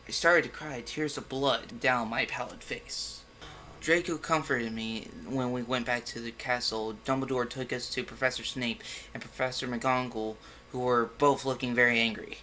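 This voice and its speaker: A man's voice: medium pitch, level tone, normal speed, sharp tone. Sarcastic man reading bad fan fiction. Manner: mocking, exasperated outbursts. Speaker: comedic fan fiction reader. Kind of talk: sarcastic dramatic reading with commentary.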